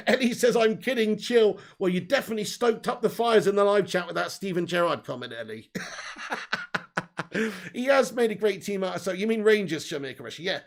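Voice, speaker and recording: A man's voice: high-pitched, animated, fairly quick, vocal fry. A man hosting a live fan stream, reading viewer comments in loose, sweary casual chat. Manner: loose, sweary, laughs often. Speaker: fan channel host.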